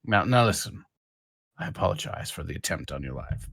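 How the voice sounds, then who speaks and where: A man's voice: fairly low pitch, very animated, brisk, a bit bright, no room sound, studio quality. A man playing a tabletop game, talking in character in a pleading, persuasive way. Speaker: player.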